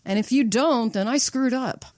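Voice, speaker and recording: A woman's voice: on the high side, moderate pace, a little mellow, no room sound, studio quality. A woman screenwriter from Nebraska, a podcast guest, talking bluntly and emphatically and swearing for emphasis. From United States (Nebraska). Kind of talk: casual podcast chat.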